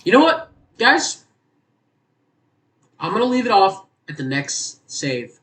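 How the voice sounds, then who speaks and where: A man giving loud, exasperated gameplay commentary as a gaming YouTuber. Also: high voice, very animated, takes it slowly, distant mic, poor audio.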